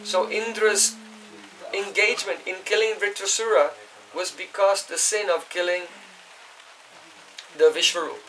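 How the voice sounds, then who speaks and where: A man with a high voice teaches a scripture class in an explaining way, now and then asking his listeners whether they follow. He stands well back from the microphone, so he sounds distant. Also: fairly even intonation, unhurried, a bit bright. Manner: chants Sanskrit verses. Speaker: spiritual teacher. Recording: voice distant from the mic.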